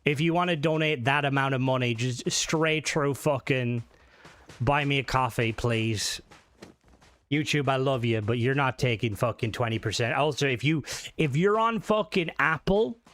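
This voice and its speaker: Dude streaming mod reviews, swears a ton, rambles, hums random bits, normal mid voice. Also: male voice, medium pitch, normal speed, fairly bright tone. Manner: swears freely, rambling and joking; hums and sings to himself between remarks. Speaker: livestreamer reviewing game mods. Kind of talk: casual live-stream chat.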